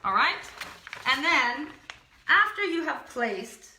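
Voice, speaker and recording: A woman's voice: high-pitched, very animated, slow pace, pushed and bright, reverberant, slight background noise. A woman teaching a drawing lesson, chatty and encouraging, repeating words to herself as she draws. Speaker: art teacher. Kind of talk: drawing tutorial, talking while working.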